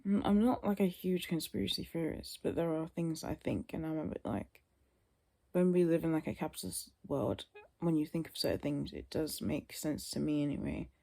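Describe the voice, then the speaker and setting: A woman's voice: low-pitched, moderate pace, creaky, warm tone. A young woman vlogging casually to camera, sleepy and yawning, rambling and trailing off into tired mutters.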